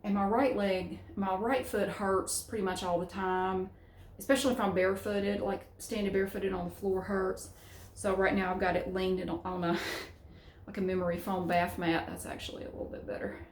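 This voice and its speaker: A woman's voice: mid-range voice, flat delivery, moderate pace, a little hiss or hum. Rambling middle-aged Southern woman vlogging. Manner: rambling, frank, salty language. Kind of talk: casual chat to camera. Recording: roomy echo.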